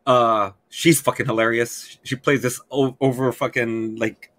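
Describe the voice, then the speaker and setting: A man co-hosting a podcast in casual chat, excitable and profane as he rambles. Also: medium pitch, measured pace. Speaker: podcast co-host.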